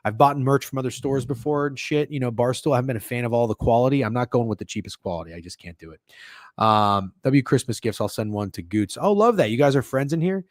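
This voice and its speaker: A man's voice: mid-range voice, fast, no echo, clean studio sound. A man hosting a sports betting livestream, chatting loosely and profanely with his viewers. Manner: loose and profane, joking with chat. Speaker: sports betting stream host. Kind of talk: casual livestream chat.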